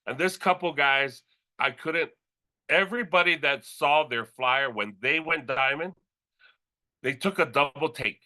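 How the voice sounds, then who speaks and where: High, bright-voiced man giving a pep talk. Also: measured pace. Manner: animated, playful, breaks into sound effects and laughter. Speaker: company leader presenting new executives. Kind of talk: energetic motivational stage speech.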